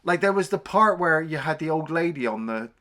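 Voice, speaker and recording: A man co-hosting a film review podcast, retelling the plot in a casual, animated way, swearing freely and acting out scenes. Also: a little high, fairly quick.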